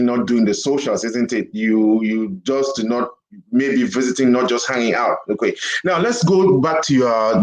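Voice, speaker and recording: A man's voice: medium pitch, echoey room, poor audio. A man hosting an interview who asks probing questions and restates his guest's points. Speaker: interview host.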